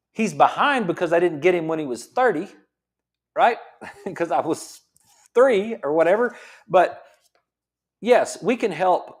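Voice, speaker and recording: A man giving an excited health talk as a chiropractor and coach, repeating himself and comparing health to football. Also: high-pitched. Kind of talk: fired-up motivational health talk. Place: his gym.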